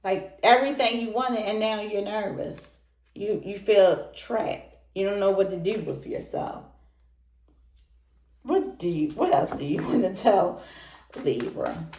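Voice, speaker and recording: A woman's voice: medium pitch, animated, measured pace, darkish tone. A woman giving a casual tarot reading, speaking straight to the listener and repeating her points. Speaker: tarot reader. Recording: roomy echoey room.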